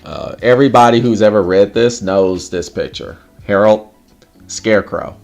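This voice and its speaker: A man hosting a casual livestream chat, animated, laughing often and swearing casually. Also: fairly low pitch, normal speed, creaky, soft background music. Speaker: livestream host.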